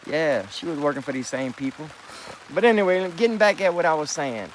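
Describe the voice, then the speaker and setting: A middle-aged man rambles insistently to camera, swearing freely. His voice sits a bit high for a man. Faint rain can be heard behind him. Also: animated, brisk, slight background noise, rough recording. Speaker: vlogger.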